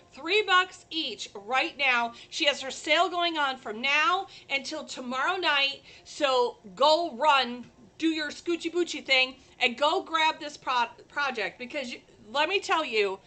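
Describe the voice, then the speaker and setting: A woman's voice: high voice, bright, forceful tone. A woman hosting a chatty live crafting stream, bubbly and talking straight to her viewers.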